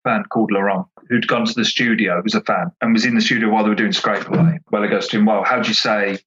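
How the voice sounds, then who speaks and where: A man with a low voice talks as an interview guest. He chats with easy enthusiasm and rambles with plenty of fillers, and the audio sounds muffled and lo-fi. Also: fairly even intonation, fast talker, a bit bright, a little hiss or hum. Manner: enthusiastic, rambling with many "you know" fillers. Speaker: author and podcast guest. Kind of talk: casual interview chat.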